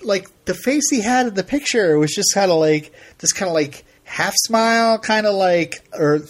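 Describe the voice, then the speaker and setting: A man's voice: sits high, expressive, normal speed. A man co-hosting a podcast, chatting casually and telling rambling stories, laughing often and acting out quotes. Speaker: podcast co-host. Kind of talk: casual chat.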